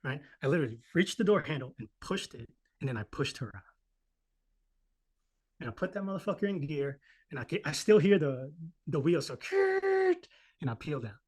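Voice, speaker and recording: With a husky, fairly high-pitched voice, a man in his thirties relates something that happened to him in a casual podcast. He's lively and foul-mouthed, doing voices for the characters in his story.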